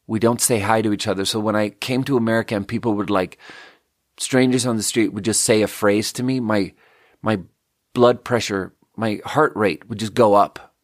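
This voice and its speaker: A man's voice: on the low side, steady tone, normal speed, dry recording. Rambling man from Sweden, dry close mic. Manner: casual, meandering, lots of "like". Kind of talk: rambling solo monologue.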